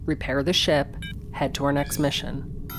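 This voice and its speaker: A man's voice: fairly high pitch, little pitch movement, measured pace, fairly bright tone, slight background noise. A man voicing a tough, terse human woman captain who speaks in clipped commands, over background music. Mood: curt.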